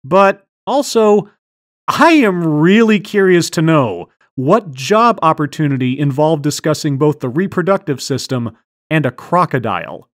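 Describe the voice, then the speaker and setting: A woman's voice: sits low, expressive, unhurried, no room sound. A woman hosting a comedy skit in a mock mind-reader persona, talking in a theatrical, dry, sardonic way. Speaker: host.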